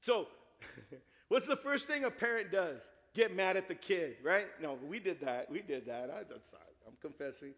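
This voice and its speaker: A middle-aged man preaching a sermon, telling a family story with lively acted-out dialogue. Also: high-pitched, measured pace. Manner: animated storytelling, acts out dialogue. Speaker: pastor. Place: church sanctuary. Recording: long hall reverb.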